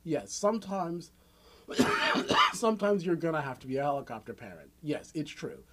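Male podcast talker, slightly high-pitched, lively, acts out little scenes. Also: moderate pace. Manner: animated storytelling with acted-out quotes, frequent swearing. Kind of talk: casual podcast chat.

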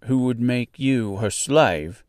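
A man voicing a small grave villager in a storybook reading, giving slow, earnest warnings. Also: mid-range voice, a little mellow, dry recording, clean studio sound, natural voice.

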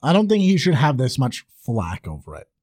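Lively young man, joking banter. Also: mid-range voice, a little fast. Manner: joking, laughing, swearing. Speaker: podcast co-host. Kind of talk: casual chat.

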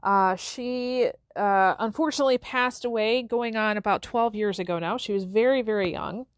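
A woman's voice: mid-range voice, normal speed, smooth, no room sound, studio quality. A middle-aged woman hosting a reflective solo podcast, speaking earnestly with many fillers and restarts. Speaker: podcast host.

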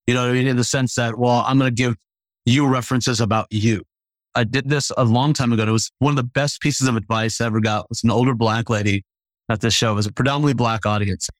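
Animated male comedian telling stories. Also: medium pitch, fast talker, no echo. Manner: animated, laughing, acts out quotes. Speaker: stand-up comedian. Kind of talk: casual storytelling in conversation.

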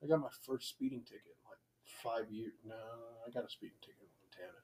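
A man in casual chat, telling animated stories with heavy swearing. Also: mid-range voice, fairly quick. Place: Big Bear area, California.

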